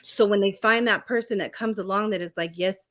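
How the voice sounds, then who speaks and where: Bright-voiced emphatic woman co-host. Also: mid-range voice, a little fast. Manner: emphatic, animated when mimicking others. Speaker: podcast co-host. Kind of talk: casual chat.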